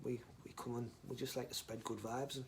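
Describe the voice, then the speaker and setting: A man's voice: medium pitch, little pitch movement, fairly quick. Rambling, jokey man on a live stream. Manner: mumbles asides, then calls out greetings loudly. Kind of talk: casual live stream chat.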